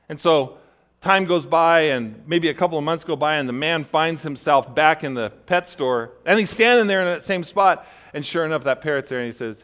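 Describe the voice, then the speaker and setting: Man preaching with lively storytelling. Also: a little fast. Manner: storytelling, acts out quoted voices with big shifts in pitch and volume; direct, conversational preaching with rhetorical questions. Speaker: pastor. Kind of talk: sermon.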